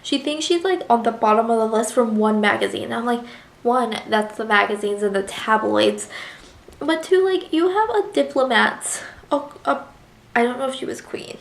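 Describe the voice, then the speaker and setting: Young woman, bookish vlogger, gushy and chatty, slightly high voice, roomy echo. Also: moderate pace, gravelly. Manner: gushing, chatty, full of "like" fillers. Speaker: book reviewer. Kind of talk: casual book review vlog.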